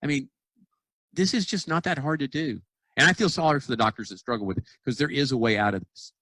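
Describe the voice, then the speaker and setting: A man who is an animated storyteller, acting out the people he quotes and tripping over his own words as he goes. His voice sits at an ordinary middle pitch, recorded close and dry with no room sound. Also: fast, no room sound, low-quality recording. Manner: frequent restarts and repeated words. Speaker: dentist and practice consultant guest. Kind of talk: casual podcast conversation.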